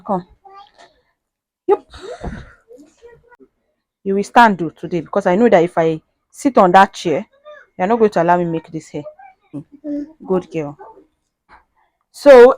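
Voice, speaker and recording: A Nigerian mother vlogging casually in her sitting room, telling a story and gently coaxing her daughter. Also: medium pitch, unhurried, pauses often, no room sound. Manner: chatty, mixes in Pidgin phrases, scolds gently.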